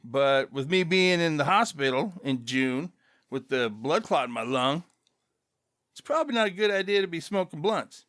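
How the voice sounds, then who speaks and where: A man hosting his own podcast, rambling loosely and casually with chuckling asides, relaxed after an edible. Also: on the high side, moderate pace, no echo, studio quality. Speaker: podcast host.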